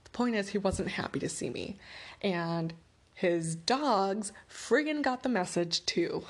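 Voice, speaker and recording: A woman, middle-aged, telling a personal story on air in a casual, exasperated way, jumping from loud exclaims to hushed asides. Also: medium pitch, a little slow.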